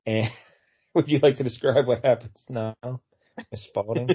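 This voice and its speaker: A man's voice: medium pitch, unhurried, husky, lo-fi sound. A man casually retelling a comic book story as a podcast co-host, acting out the characters' lines in funny voices. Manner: animated, acts out quotes in funny voices.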